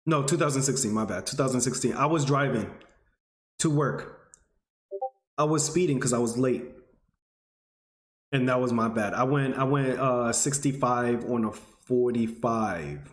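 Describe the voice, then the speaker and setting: A male vlogger in his twenties shares a personal story with his audience, earnest and emotional, his pitch rising when he gets stirred up. He speaks unhurriedly with long pauses, and the room has an echo.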